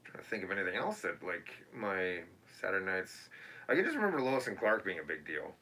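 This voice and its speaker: A man in his thirties co-hosting a casual talk show, loud and crude, laughing and singing old theme songs. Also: low voice, very animated, a little fast, a little hiss or hum. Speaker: podcast co-host. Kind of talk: casual chat.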